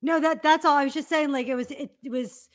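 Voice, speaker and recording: A woman's voice: high-pitched, steady tone, fast talker. A woman co-hosting a casual chat, rambling through memories and trailing off mid-sentence. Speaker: co-host.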